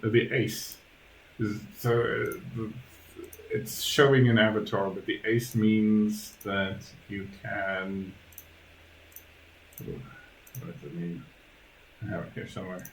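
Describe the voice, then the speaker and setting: A man narrating a tabletop game as game master, hesitant with many pauses and restarts. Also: fairly low pitch, steady tone, echoey room, a little hiss or hum, poor audio. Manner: hesitant, lots of ums and restarts.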